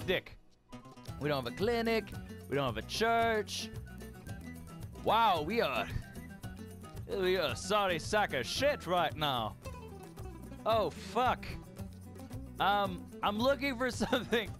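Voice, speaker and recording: A man's voice: high-pitched, sing-song, slow, pauses often, music in the background. A young man giving casual let's play commentary, profane, exasperated and joking. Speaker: gamer.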